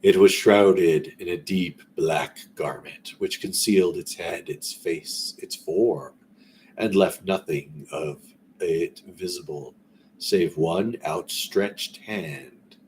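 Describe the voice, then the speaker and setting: A man reading a classic story aloud in a relaxed way, breaking off now and then for rambling, conversational asides. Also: low voice, slow, slight background noise. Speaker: story reader.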